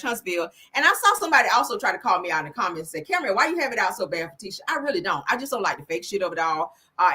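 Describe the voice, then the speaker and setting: A woman's voice: fairly high pitch, bright, forceful tone. A woman hosting a casual celebrity gossip livestream, sassy and profane, laughing often and talking straight to her viewers.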